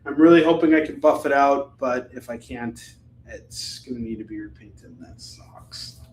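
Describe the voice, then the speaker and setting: A man's voice: mid-range voice, moderate pace, darkish tone, echoey room, a little hiss or hum, poor audio. A man hosting a live comic book sales stream, chatting casually in a rambling, jokey way.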